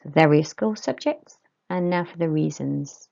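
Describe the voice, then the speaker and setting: Lady teacher doing french words slow and clear for kids to repeat, mellow low voice, kinda muffled recording. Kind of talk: recorded pronunciation lesson.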